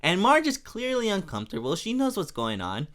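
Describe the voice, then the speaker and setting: A man's voice: sits high, wildly swooping pitch, fairly quick, a bit bright. Rambling young man recapping a cartoon. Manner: rambling, chatty, lots of fillers. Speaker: podcast host. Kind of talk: casual episode recap.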